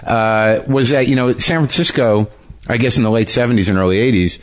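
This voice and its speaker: A man hosting a podcast interview in casual chat, talking in halting bursts with many restarts and fillers. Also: mid-range voice. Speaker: podcast host.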